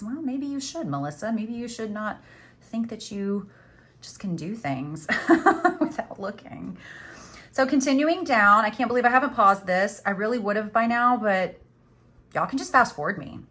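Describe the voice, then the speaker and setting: A woman's voice: mid-range voice, expressive, normal speed, fairly bright tone. A middle-aged woman hosting a crochet tutorial, chatting casually and teasing herself while she works. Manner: chatty, self-teasing, says "y'all".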